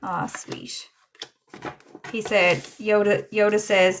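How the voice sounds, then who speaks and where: A young woman giving a casual livestream psychic reading, chatty and gentle as she relays messages. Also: mid-range voice, a little slow, gravelly, slight background noise. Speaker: psychic medium.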